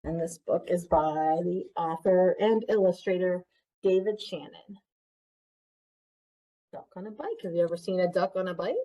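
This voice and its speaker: A woman librarian reading a picture book aloud to children, pausing often to ask them questions. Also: lowish voice, fairly even intonation, warm tone, low-quality recording. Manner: interactive, asks children questions.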